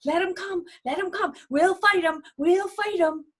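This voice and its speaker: A woman voicing a brave, cheeky dog in a storybook reading, excited and boastful. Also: very high-pitched, unhurried, voice pushed up. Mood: eager.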